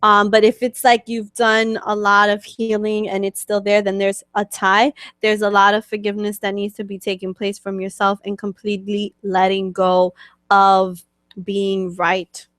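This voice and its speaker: A woman with a New York accent talks through a webcast as a spiritual coach, explaining things casually and checking in often with "okay?" and "right?". Her voice sits at a middle pitch and is recorded dry and close, with no room sound around it. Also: monotone, moderate pace, few pauses, a bit bright, no echo. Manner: chatty, many fillers and "okay?" check-ins. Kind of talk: casual teaching talk answering questions.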